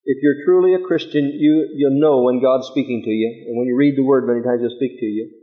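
A man's voice: mid-range voice, fairly even intonation, a little fast. Preaching man on tinny tape. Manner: emphatic preaching with rhetorical questions, reading scripture aloud. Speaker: pastor. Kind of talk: sermon.

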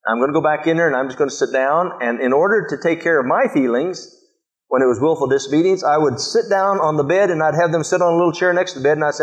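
A middle-aged pastor preaches a sermon in a fairly high, fast voice, telling family stories in a folksy way. He acts out what he said to his children, and the recording is muffled and lo-fi.

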